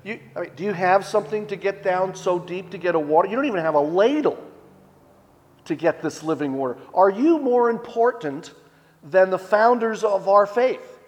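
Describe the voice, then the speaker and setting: A man voicing a sarcastic woman at a well in a sermon, a bit higher than his own voice. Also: expressive, normal speed, in a large hall. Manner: sarcastic, challenging.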